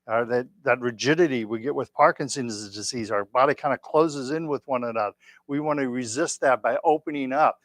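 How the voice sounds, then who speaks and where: A man leading a tai chi class, giving calm, encouraging step-by-step cues. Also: medium pitch, no echo. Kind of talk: guided exercise class.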